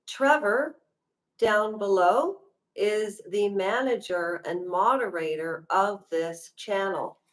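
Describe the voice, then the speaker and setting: A woman hosts a casual livestream and talks slowly at a relaxed, unhurried pace. She rambles in a chatty way and speaks straight to her viewers. She is from Canada. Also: medium pitch, low-quality recording. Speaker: livestream host.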